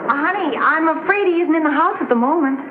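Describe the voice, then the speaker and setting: An actress playing a wry, quick-witted housewife with dry wisecracks. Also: female voice, sits high, expressive, some chatter behind, slight background noise. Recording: tinny old TV sound, roomy set.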